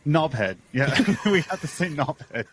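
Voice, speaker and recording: A man's voice: a little high, expressive, unhurried, a little hiss or hum. A man co-hosting a casual podcast, joking and teasing, often chuckling. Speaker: podcast co-host.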